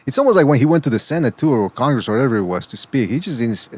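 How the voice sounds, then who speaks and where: Fast-talking mocking podcast host. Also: male voice, medium pitch, sing-song, a little mellow, husky. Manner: mocking, laughs often. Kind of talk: casual chat.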